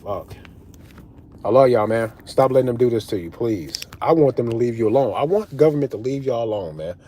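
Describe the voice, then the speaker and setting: A man's voice: mid-range voice, lively intonation, fairly quick, mellow, slight background noise. A man ranting straight at his viewers in a casual commentary, fired up and swearing freely. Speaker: political commentary vlogger.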